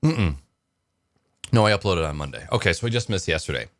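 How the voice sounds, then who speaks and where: A deep-voiced man rambling through a casual morning vlog, with plenty of ums and likes. The sound is dry and close, with no room echo. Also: sing-song, brisk. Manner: rambling, lots of fillers. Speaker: vlogger.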